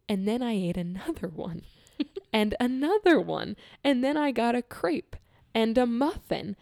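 A woman in casual conversation, telling a personal story in an earnest, animated way, laughing often and acting out quotes. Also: fairly high pitch, no room sound, clean studio sound.

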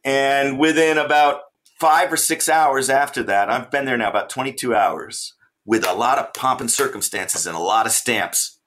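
A man, an author and traveler, telling a travel story as a guest in an interview, animated and laughing often. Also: medium pitch, moderate pace, slight background noise.

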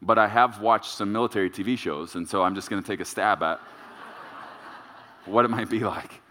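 A male pastor delivering a sermon, emphatic and repetitive, with dramatic pauses. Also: on the low side, sharp tone. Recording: reverberant church sanctuary.

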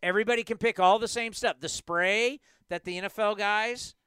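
A man's voice: high voice, normal speed, sharp tone, smooth, dry recording, clean studio sound. A man hosting a sports podcast, ranting animatedly and hammering points by repeating them. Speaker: podcast host. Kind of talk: casual sports talk.

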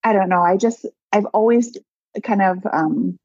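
A woman interview guest, a coach, telling personal stories in a lively, chatty way with lots of "like" and laughter. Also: medium pitch, a little slow, husky, no room sound, lo-fi sound. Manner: animated storyteller, many "like"s and laughs. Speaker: guest, abundance mindset coach. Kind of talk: casual storytelling interview.

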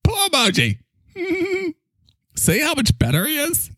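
A shrill bossy microphone character. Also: male voice, wildly swooping pitch, measured pace, fairly bright tone, dry recording, studio quality, full character voice. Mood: squealing. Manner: high squealing, bossy, whiny.

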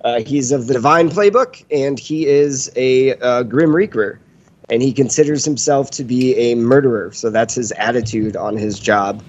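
A man's voice: medium pitch, moderate pace, hardly any pauses. Male player, self-deprecating, muffled sound. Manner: self-mocking and hesitant.

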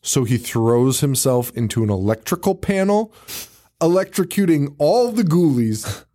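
A man's voice: on the high side, very animated, measured pace, warm tone. A man co-hosting a podcast, casually recapping a movie in a rambling way, swearing freely, laughing often and mimicking characters. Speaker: podcast co-host.

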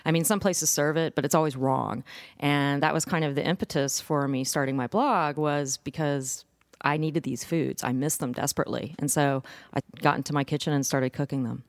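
A woman's voice: low-pitched, fairly even intonation, moderate pace, no room sound. A woman from Texas, a food blogger, answering interview questions in a plain, earnest way.

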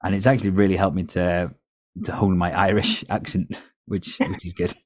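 A man hosting a podcast, telling stories in a relaxed, chatty way with a North West English accent. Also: sits low, moderate pace, no echo, studio quality. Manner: storytelling, chatty with laughs. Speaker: podcast host. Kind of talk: casual chat.

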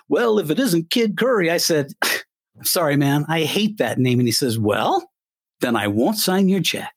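A breathy, somewhat high voice belongs to an older man who used to be a radio DJ in Colorado. Interviewed about his life, he tells stories with gusto and mimics the voices involved, recorded cleanly in a studio with no room sound.

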